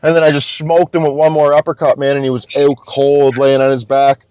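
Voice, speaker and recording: A young man from Scotia, a podcast guest telling an animated story and swearing constantly. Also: medium pitch, brisk, clear, resonant tone, no echo, low-quality recording. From Nova Scotia, Canada. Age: young adult. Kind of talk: casual storytelling.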